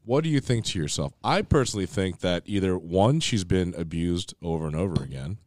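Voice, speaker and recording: Deep-voiced, tipsy man rambling on a podcast. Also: expressive, brisk, darkish tone, no room sound, clean studio sound. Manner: rambling and stammering, arguing loosely. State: tipsy from drinking. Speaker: podcast host. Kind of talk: casual drunk podcast chat.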